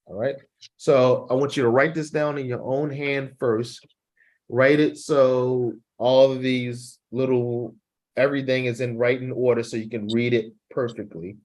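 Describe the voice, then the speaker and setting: Encouraging male teacher coaching reading aloud. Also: a little mellow. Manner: models sentences with strong rises in pitch for emphasis; encouraging, checks in with "right?" and "okay?". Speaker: English teacher.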